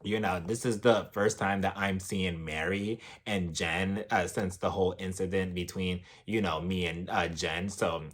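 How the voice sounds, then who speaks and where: A man playing a wary, gloomy woman, murmuring slowly and haltingly. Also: steady tone. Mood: brooding. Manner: low, slow, halting murmur.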